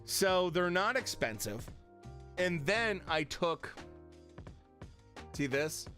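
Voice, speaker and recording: A man streams from his home room in a blunt, cursing, casual chat. His pitch sits a little high and swings widely, though he takes his time. Faint music plays underneath. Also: very animated, takes it slowly, bright, forceful tone. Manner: blunt and profane, riled up. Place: home streaming room with lit panel backdrop.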